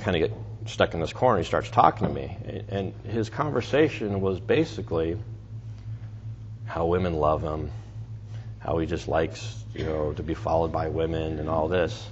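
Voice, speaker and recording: Man, preacher, Bible teaching, low voice, conversational, dull recording. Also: normal speed. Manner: conversational, with restarts and asides. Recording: dull lo-fi recording with faint noise.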